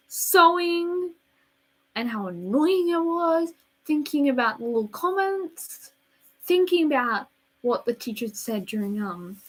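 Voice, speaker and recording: A teenage girl chatting casually in a storytime vlog, rambling and dramatic, with quiet asides. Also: sits high, breathy edge, poor audio. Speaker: vlogger.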